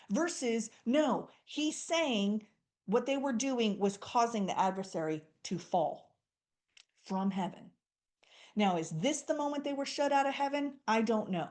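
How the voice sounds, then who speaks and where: A woman leads a Bible study in a fairly high voice. She talks in a conversational way and often jumps into quoted dialogue, playing the speakers with bright energy. Her delivery stays warm and explanatory, like a teacher walking a group through a passage. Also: moderate pace. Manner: animated, acts out quoted dialogue.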